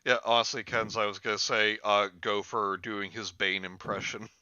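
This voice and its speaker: Podcast cohost guy, bright smooth voice, jokey, kinda muffled mic. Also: lowish voice, little pitch movement, normal speed. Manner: joking, riffing. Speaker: podcast co-host. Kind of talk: casual podcast chat.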